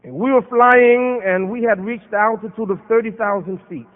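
A man's voice: high-pitched, fairly even intonation, normal speed. An American man giving an impassioned sermon at a Muslim conference, quoting Arabic verses. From United States. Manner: impassioned preaching with Arabic quotations. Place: large conference hall. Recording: phone-like sound with long hall reverb.

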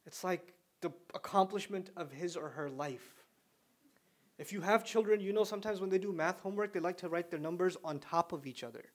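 High-voiced animated male lecturer. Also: a little fast. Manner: animated storyteller with wide swings in loudness; conversational, asks listeners questions. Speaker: Islamic lecturer. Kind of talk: explanatory religious talk to a young audience.

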